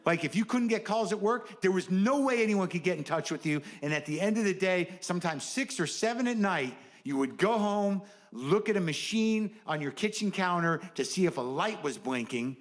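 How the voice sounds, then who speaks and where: A man's voice: sits high, animated, normal speed, few pauses. A middle-aged man doing a stand-up comedy set, riffing in a wry, sardonic, conversational way.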